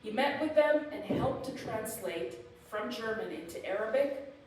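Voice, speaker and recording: A woman's voice: fairly high pitch, expressive, a little slow, darkish tone, a little hiss or hum. A woman giving a public lecture with slides, speaking emphatically and with animation. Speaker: guest lecturer. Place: event hall. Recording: echoey hall, distant mic, faint ambience.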